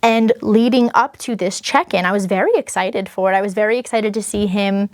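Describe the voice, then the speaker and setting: A woman's voice: medium pitch, brisk, no room sound, studio quality. A young woman telling a personal story in a casual, chatty way, full of fillers and self-conscious asides. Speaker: vlogger.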